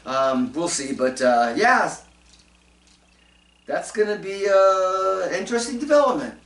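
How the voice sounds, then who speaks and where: Speaking from a distant mic in an echoey room, this talk show host delivers commentary in a high, expressive, fairly bright voice at an unhurried pace. He rambles, restarts, uses lots of fillers and slips in chuckling asides.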